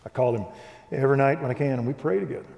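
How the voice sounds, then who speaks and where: Older man, evangelical speaker, animated storyteller, mid-pitched voice, long hall reverb. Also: rapid-fire, creaky. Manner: animated storyteller, acts out dialogue. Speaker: Christian speaker. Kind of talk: preaching testimony.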